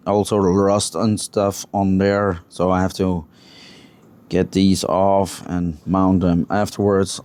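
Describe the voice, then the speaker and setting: A man casually showing his model truck build in a home workshop, talking in a halting way as he searches for words. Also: low voice, little pitch movement, a little mellow, smooth. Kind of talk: casual vlog walkthrough. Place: home workshop with a spray booth.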